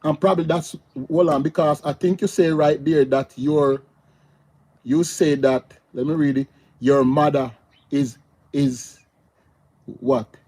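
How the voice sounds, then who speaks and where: A man's voice: on the high side, fairly even intonation, measured pace, warm tone. A man talking casually and animatedly on a live stream, repeating himself and greeting viewers in the chat.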